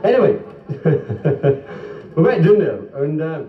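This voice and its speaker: Scottish stand-up comic, man, high lively delivery, heard from a distance in a dull old live club recording. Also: slow pace, roomy sound. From Scotland. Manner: jokey, lively storytelling with sung bits and self-interrupting laughter. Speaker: stand-up comedian. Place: club stage before an audience.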